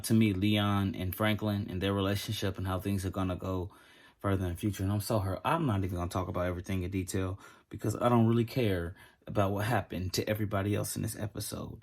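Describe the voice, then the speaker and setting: A man giving a casual reaction review of a TV episode, talking straight to his viewers in an animated way. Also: fairly low pitch.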